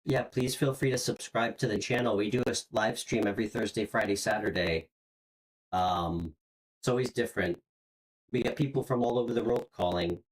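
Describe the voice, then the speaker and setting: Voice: medium pitch, moderate pace, poor audio. A tarot reader hosting a live stream, giving a casual, encouraging reading with lots of "um" and "like" and repeated words while searching for the next thing to say.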